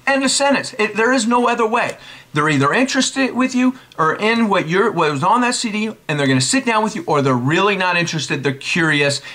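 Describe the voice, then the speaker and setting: A man in his forties giving casual sales coaching, brisk and emphatic, repeating his key points. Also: high voice, lively intonation, sharp tone. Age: 40s. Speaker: network marketing coach. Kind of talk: casual instructional talk.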